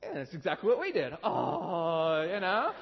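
High-voiced pastor preaching in a big hall. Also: male voice, normal speed, gravelly, a little hiss or hum. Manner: conversational storytelling, animated when quoting his kids. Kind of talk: sermon. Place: large church sanctuary. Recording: dull sound with long hall reverb.

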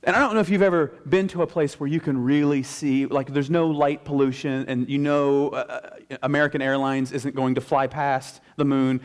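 A male pastor giving a conversational sermon, stressing key phrases slowly and emphatically. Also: medium pitch, fairly even intonation.

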